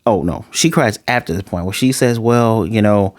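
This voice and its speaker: A man casually reviewing an anime episode, joking asides and quickly paraphrasing the characters' lines. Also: on the low side, dry recording, studio quality. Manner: chatty, joking asides, paraphrases scenes in quick quoted voices. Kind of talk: casual spoken episode recap.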